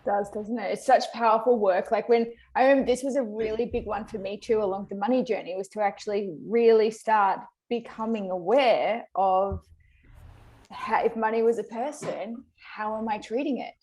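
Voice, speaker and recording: A woman co-hosting a podcast in easy conversation. She answers thoughtfully and backs up her co-host's points. Her voice sits at an ordinary middle pitch. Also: moderate pace, a little mellow. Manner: reflective, agreeing, supportive. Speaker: podcast co-host. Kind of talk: casual chat.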